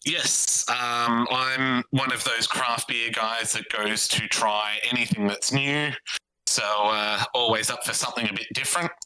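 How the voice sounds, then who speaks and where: A man's voice: mid-range voice, fairly even intonation, unhurried, bright, forceful tone, smooth, rough recording. A young Australian man guest-hosting a podcast quiz, easygoing and self-deprecating, on a video call from home. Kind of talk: casual podcast chat.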